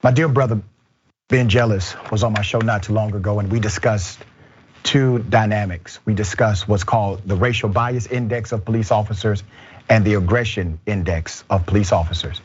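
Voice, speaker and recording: A man's voice: lowish voice, normal speed, highs cut off, a little hiss or hum. A man hosting a political talk show, delivering emphatic commentary. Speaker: host.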